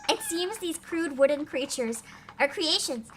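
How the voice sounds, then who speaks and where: A young woman streaming a game, her high, bright voice swinging widely as she reads lines aloud and gushes with giggles in between. A faint hiss of background noise sits under her streaming mic. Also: lively intonation, measured pace. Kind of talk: game livestream, reading and reacting.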